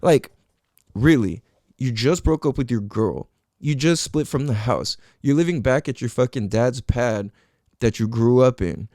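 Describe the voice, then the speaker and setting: A man's voice: mid-range voice, unhurried, no echo, studio quality. A young man hosting his own podcast, talking casually in slangy, profane speech and acting out friends' lines. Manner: animated, profane, slangy, acts out quotes of friends. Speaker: podcast host. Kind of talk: casual solo podcast monologue.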